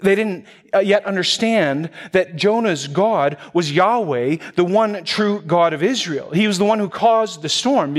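A man preaching a sermon in a conversational way, often restarting phrases and chuckling as he addresses the congregation. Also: high voice. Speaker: pastor.

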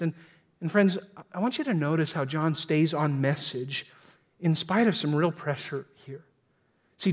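A man preaching a sermon in a slightly raised voice. He is earnest and emphatic, acting out the quotes he reads and often stumbling over his words. He talks to his congregation as their pastor. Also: fairly high pitch. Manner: frequent stammered restarts.

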